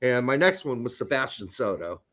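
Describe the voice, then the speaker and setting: A man's voice: mid-range voice, sing-song, moderate pace, fairly bright tone. A man co-hosting a podcast, chatting casually about sports in a blunt, profane, joking way. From United States. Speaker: podcast co-host.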